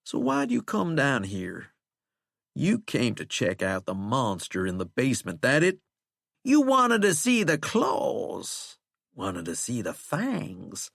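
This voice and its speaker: Here the narrator's shackled, cursed man turns bitter, his coaxing, sardonic drawl slowed down and edged with vocal fry. It's still loud, raised, mocking and folksy, the pitch swooping wildly in an exaggerated performance, miked close and dry with no room sound, audiobook-style.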